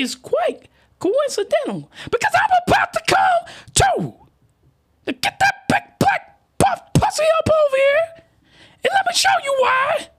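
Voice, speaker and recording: Brash young woman bounty hunter voiced by a man, squealing, very high and breathless. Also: a bit bright, exaggerated voice.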